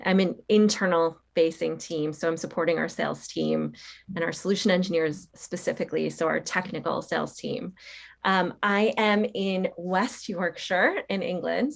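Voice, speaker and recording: A woman's voice: lowish voice, gravelly. A woman with a Long Island accent, a guest chatting casually and laughing often, joining over a video call. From Long Island, New York. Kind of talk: casual interview chat.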